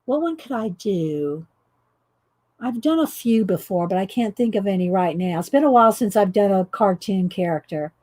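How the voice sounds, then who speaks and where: A woman's voice: medium pitch, animated, moderate pace, warm tone. A woman with a Southern US accent hosting a casual live stream, chatty and laughing often as she talks to viewers by name. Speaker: channel host reading prompts to live viewers.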